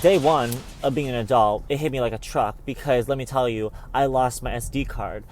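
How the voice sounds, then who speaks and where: A man's voice: mid-range voice, normal speed. Young male vlogger, chatty dramatic storyteller, a little background noise. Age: young adult. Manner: chatty and dramatic, says "babes" often. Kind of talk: casual storytelling vlog.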